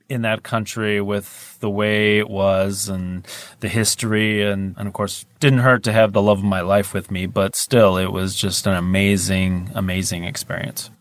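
A man's voice: fairly low pitch, flat delivery, a little slow, a bit bright, no room sound. A man, a young adult voice actor, answering interview questions in easygoing, rambling casual chat and laughing often. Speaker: voice actor guest. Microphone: studio microphone.

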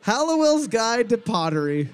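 A man's voice: very high-pitched, sing-song, normal speed, clean tone. A man hosting a live trivia night for a podcast, reading questions and teasing the players with jokes and frequent laughter. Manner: jokey, teasing, laughs often. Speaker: trivia host.

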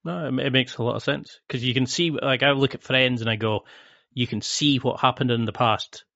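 A man's voice: medium pitch, steady tone, a little fast, gravelly, bright, forceful tone, no echo, highs cut off. A man hosting a casual talk, agreeing and reflecting thoughtfully on what his guest says. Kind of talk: casual chat.

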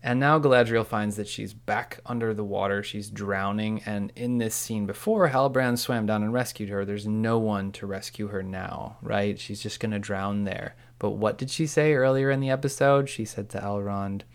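A man's voice: on the low side, steady tone, moderate pace, few pauses, clear, resonant tone. A man co-hosting a podcast, enthusiastically retelling scenes and quoting lines in casual chat. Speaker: podcast co-host. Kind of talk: casual recap discussion.

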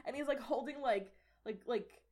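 A woman's voice: fairly high pitch, normal speed, darkish tone. A young woman running a tabletop game as game master, narrating in a rambling way full of fillers.

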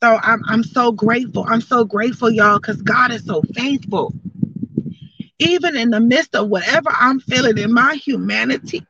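A woman's voice: on the high side, moderate pace, pushed and bright, husky, dry recording, recorded from a distance, highs cut off. A woman in her forties giving a candid, emotional personal talk to her listeners, speaking from the heart about anger, faith and gratitude. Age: 40s. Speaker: broadcaster.

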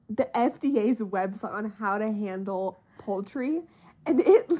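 A woman's voice: medium pitch, darkish tone, breathy edge. A young woman co-hosting a podcast in casual chat, anxious and self-deprecating. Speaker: podcast co-host.

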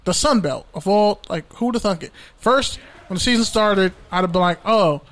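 A man's voice: sits high, moderate pace, fairly bright tone. Profane, joking male podcast host. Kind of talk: casual sports podcast banter.

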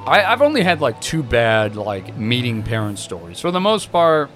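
A man's voice: medium pitch, normal speed, over music. A young man co-hosting a podcast, telling crude, profane stories in casual chat. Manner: crude, profane, animated storyteller. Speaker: podcast co-host.

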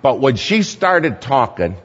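A man speaking at a church gathering, telling a sermon story in a lively anecdotal way and chuckling at his own tale. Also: medium pitch, takes it slowly, husky. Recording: dull, echoey hall recording.

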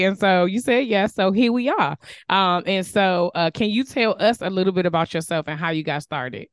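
A woman hosting a podcast, chatting casually and animated, laughing easily and using slang. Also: on the low side, a little fast, no echo, studio quality. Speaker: podcast host. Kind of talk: casual interview chat.

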